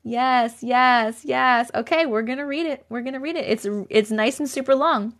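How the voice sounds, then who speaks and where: A woman's voice: high voice, normal speed, fairly bright tone. A woman in her thirties hosting a casual live stream, bubbly and chatty, thanking viewers and reading comments aloud. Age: 30s.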